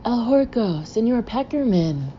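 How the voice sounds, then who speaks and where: A woman's voice: fairly low pitch, little pitch movement, moderate pace, a little hiss or hum, close to an everyday voice. A woman voicing a jubilant, formal male rebel leader in an audiobook. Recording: muffled lo-fi recording.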